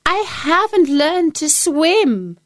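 A woman voicing a skinny, hungry cat that whines in a high, drawn-out voice. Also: sing-song, full character voice. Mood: whining. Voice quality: whiny, drawn-out.

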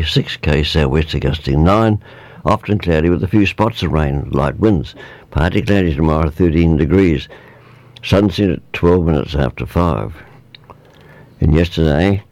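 Deep-voiced New Zealand radio weatherman. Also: no room sound, highs cut off. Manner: relaxed, informal, with fillers and asides. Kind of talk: reading a weather report.

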